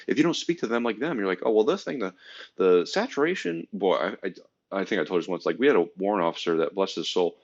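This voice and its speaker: The recording is muffled, and the man speaks low and at a quick clip. He's a podcast co-host and former army engineer telling army stories in crude, casual bro language. He brings them to life by imitating the voices of others.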